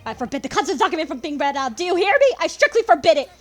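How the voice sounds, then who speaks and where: A woman's voice: high voice, big pitch swings, brisk, soft background music. Woman playing a domineering old male judge. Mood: indignant. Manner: loud, commanding. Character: domineering older male lord chief justice. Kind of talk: reading game dialogue aloud.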